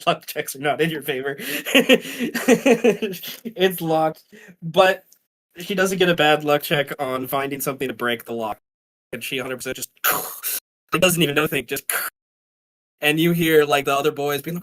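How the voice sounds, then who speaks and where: A man's voice: medium pitch, steady tone, normal speed, a bit bright. A man narrating a tabletop role-playing game as game master, rambling with many fillers and restarts.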